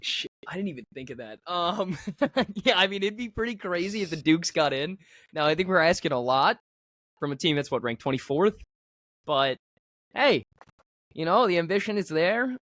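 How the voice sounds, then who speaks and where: A man co-hosting a casual sports podcast, blunt and quick to curse and laugh. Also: on the high side, expressive, fairly bright tone, dry recording, studio quality. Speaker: podcast co-host. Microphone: remote call, lagging line.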